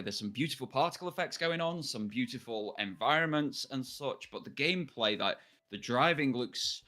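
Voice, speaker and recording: A man's voice: mid-range voice, sharp tone. A British man co-hosting a casual video game reaction chat, giving blunt, outspoken opinions. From United Kingdom. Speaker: co-host.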